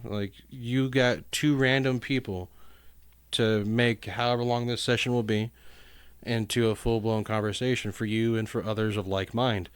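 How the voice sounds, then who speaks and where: A man's voice: lowish voice, fairly even intonation, moderate pace, clean tone, no room sound. A man co-hosting a casual comedy podcast, rambling and laughing often, self-deprecating. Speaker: podcast co-host.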